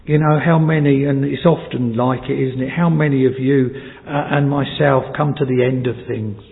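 A man preaching a sermon, asking his listeners many rhetorical questions and swinging from quiet asides up to impassioned peaks. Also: medium pitch, steady tone, normal speed, gravelly. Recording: tinny phone-like sound with a long hall reverb.

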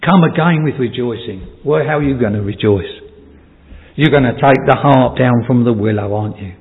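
A man's voice: medium pitch, normal speed. Male preacher, sermon, rhetorical questions, builds to passionate peaks; tinny lo-fi with long hall reverb. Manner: rising to impassioned peaks, then dropping to quiet asides; asks the congregation many rhetorical questions.

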